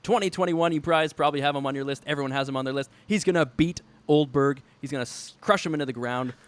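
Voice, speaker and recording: A man's voice: on the high side, quick pace, no echo. A man co-hosting a casual podcast, talking with enthusiasm and laughing often. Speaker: podcast co-host. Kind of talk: casual podcast chat about wrestling.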